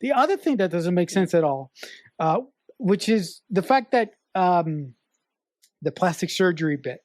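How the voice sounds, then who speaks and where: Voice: medium pitch, lively intonation, measured pace, darkish tone, no echo, studio quality. A podcast co-host arguing points about a film in casual chat, emphatic and stumbling over restarts, swearing for emphasis.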